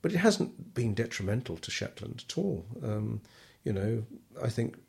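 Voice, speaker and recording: Older man, husky and hesitant. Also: lowish voice, sing-song, moderate pace, darkish tone. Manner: hesitant, with many ums and restarts. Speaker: interviewee. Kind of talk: relaxed oral history interview.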